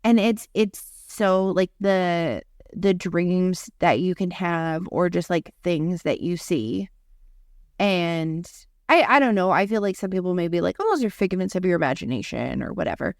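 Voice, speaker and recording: A woman's voice: fairly low pitch, expressive, unhurried, no room sound, studio quality. A young adult woman, a podcast co-host, telling a story in casual chat and filling it with lots of "like". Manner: rambling, heavy use of "like" fillers.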